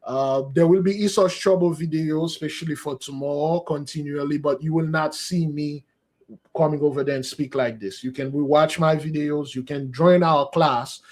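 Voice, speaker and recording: A man delivers an earnest sermon that flows into a spoken prayer, exhorting his listeners and addressing them as beloved. His voice sits a little higher than most men's. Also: fairly even intonation, moderate pace, a little mellow. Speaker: preacher.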